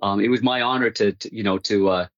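Low-voiced man telling rambling stories. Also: fairly even intonation, fast, no room sound, highs cut off. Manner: rambling, many restarts, laughs at own stories. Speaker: hockey broadcaster, interview guest. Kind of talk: casual storytelling interview.

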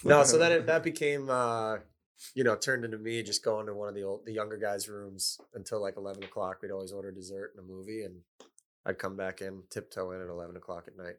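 A man's voice: fairly low pitch, flat delivery, fast, a bit bright. A middle-aged man, a former pro hockey player, telling chatty anecdotes with chuckles and loose fillers. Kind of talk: casual storytelling chat.

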